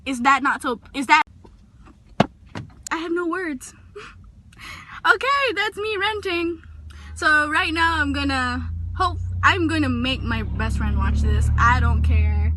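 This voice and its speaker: A young woman casually reviewing a book in a vlog, talking emotionally and gushing, recorded on a phone in a parked car. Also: slight background noise. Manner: gushing and emotional, pitch jumping up when excited. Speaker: vlogger.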